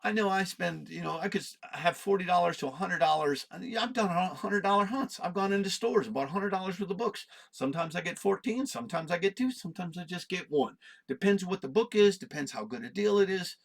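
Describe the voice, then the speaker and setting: A man's voice: high voice, brisk, creaky. Rambling fifties man hosting comic talk. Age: 50s. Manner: rambling, animated, self-interrupting with fillers. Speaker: comic book video host. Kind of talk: casual rambling chat.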